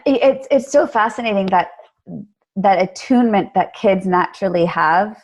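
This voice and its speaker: A woman guest on a podcast interview, telling stories in an animated way. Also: mid-range voice, normal speed. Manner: animated storyteller. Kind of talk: conversational interview.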